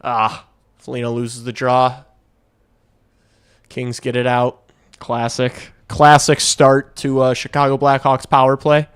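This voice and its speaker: A young man talks through a hockey game on his livestream, telling loose stories and swearing freely. His voice sits at an ordinary middle pitch. The sound is dry and close, with no room around it. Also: completely flat delivery, slow pace, long pauses, clean tone, dry recording. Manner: rambling, swearing, laughing storyteller. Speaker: livestream host. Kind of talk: casual hockey watch-along chat.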